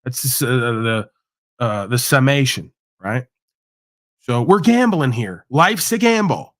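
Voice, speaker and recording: A man's voice: medium pitch, expressive, a little slow, no echo, studio quality. A man hosting a livestream, delivering a profane, combative, preachy rant. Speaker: livestream host. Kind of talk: ranting monologue.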